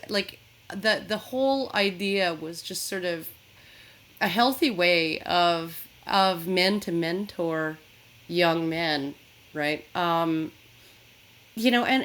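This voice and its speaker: A woman co-hosting a podcast, talking in a casual, animated, rambling way with plenty of swearing. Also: on the low side. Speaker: podcast co-host. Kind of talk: casual chat.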